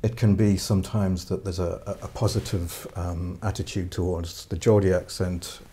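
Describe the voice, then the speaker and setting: Deep, flat-voiced male professor explaining. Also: normal speed. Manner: thoughtful, hesitant with fillers. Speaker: linguistics professor. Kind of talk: interview explanation.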